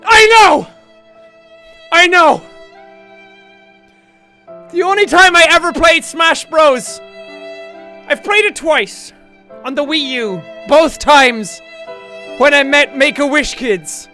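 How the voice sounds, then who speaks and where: A man hosting a casual livestream, chatting in a jokey, excitable way, with bursts of shouting and laughter. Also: extremely high pitch, slow. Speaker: livestream host. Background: faint background music.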